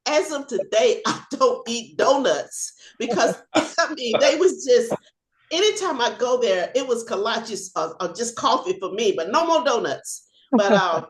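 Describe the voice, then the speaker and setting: A retired police officer, an older woman, recounts a personal experience over video call at a measured pace, her voice fairly high. She's lively as she performs the yelling and laughter, and the sound reverberates.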